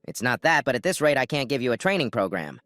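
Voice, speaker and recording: A man's voice: medium pitch, big pitch swings, fast, dry recording, studio quality. A man voicing a hearty divine male trainer in a storybook recap, exclaiming and explaining. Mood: amazed. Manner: loud, amazed, then explaining.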